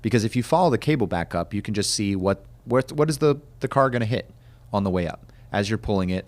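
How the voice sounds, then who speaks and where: Low-voiced man in animated chat. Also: fast. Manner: animated, quotes people in voices, many restarts. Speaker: podcast host. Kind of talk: casual chat.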